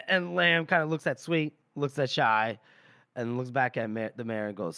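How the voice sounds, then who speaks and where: A man's voice: fairly high pitch, steady tone, normal speed, sharp tone, clear, resonant tone, no room sound, clean studio sound. A man co-hosting a podcast, casually retelling a book chapter and briefly quoting the characters, with the odd swear word. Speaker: podcast co-host. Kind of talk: casual book-club recap.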